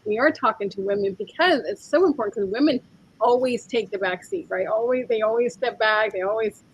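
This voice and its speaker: A woman's voice: a little high, brisk, breathy edge, rough recording. A woman co-hosting a casual talk, chatting and telling anecdotes about the author. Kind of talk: casual conversation.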